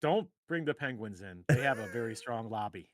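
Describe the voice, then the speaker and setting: A man's voice: mid-range voice, lively intonation, brisk, dry recording, studio quality. A middle-aged man hosting a casual live stream, rambling and joking at his own expense. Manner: rambling, joking, self-deprecating. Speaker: host.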